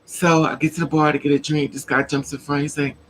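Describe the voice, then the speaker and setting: A woman's voice: sits low, little pitch movement, quick pace, a little hiss or hum, rough recording. A woman vlogger casually telling a personal story to her viewers, acting out the dialogue and laughing often.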